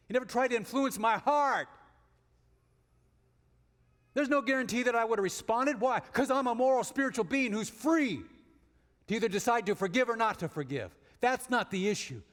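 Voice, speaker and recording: Guest preacher, male, high-pitched, swings from forceful points to soft storytelling in a reverberant sanctuary. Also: animated, moderate pace, pauses often. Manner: swings from emphatic rises to hushed storytelling. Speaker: guest speaker. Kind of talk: sermon. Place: church sanctuary. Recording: long reverb of a large hall.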